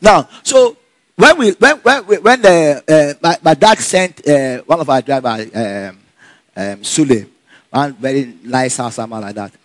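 A man telling a personal story in a casual, animated way, laughing often and acting out the dialogue. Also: medium pitch, a little slow, dry recording. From Nigeria.

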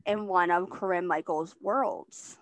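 Brisk woman podcast host. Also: on the low side, dry recording. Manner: brisk, steering the questions. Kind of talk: interviewing a guest.

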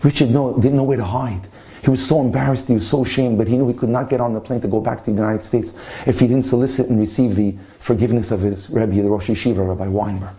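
Mellow-voiced male storyteller. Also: medium pitch, quick pace. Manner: animated storyteller acting out dialogue.

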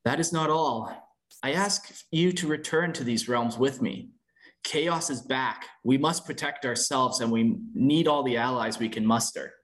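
A man reading as a calm, earnest god-king. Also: medium pitch, measured pace, lightly acted. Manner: calm, pleading, formal. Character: godlike male warrior-king, calm and earnest.

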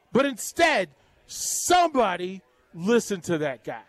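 A man on a sports radio show, ranting in an animated, sarcastic, exasperated way with vivid comparisons. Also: very high-pitched, a little slow, no echo. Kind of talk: fired-up sports talk.

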